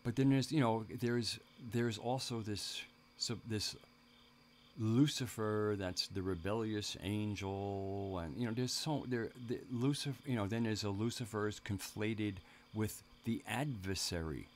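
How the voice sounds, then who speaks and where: A man's voice: fairly low pitch, measured pace, slight background noise. A man hosting a live stream, talking casually in a rambling way, with many restarts and asides to his viewers in the chat.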